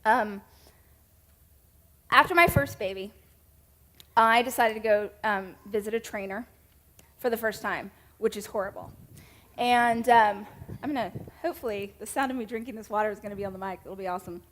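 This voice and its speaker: A woman in her thirties with a Southern American accent gives a sermon talk to a women's church group, chatty and self-mocking, with laughs and playful asides. Her medium-pitched, slightly bright voice moves at normal speed and pauses often.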